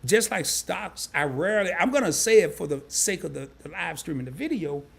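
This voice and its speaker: A man's voice: a little high, lively intonation, fairly quick, gravelly, breathy edge. A man hosting a live stream, casually breaking things down step by step and often repeating himself. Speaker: crypto live stream host. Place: home setup, sharing his screen.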